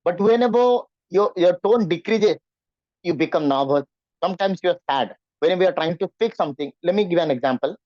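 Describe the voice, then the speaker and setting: A man's voice: high-pitched, animated, brisk, darkish tone, no room sound, muffled recording. A man teaching in an online class, often asking his students questions. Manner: repetitive, questioning students, acts out nervous voices. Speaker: English teacher.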